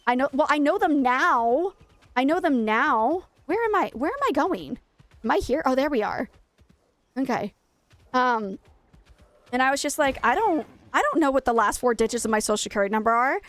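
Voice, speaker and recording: A woman's voice: high-pitched, expressive, normal speed, fairly bright tone, no echo. A young woman streamer chatting casually while gaming, telling a rambling, self-mocking story.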